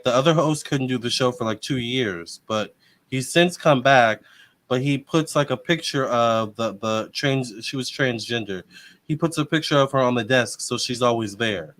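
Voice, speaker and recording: A man hosting a live tarot reading, talking in a relaxed, conversational way full of casual fillers. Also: medium pitch. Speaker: tarot reader host.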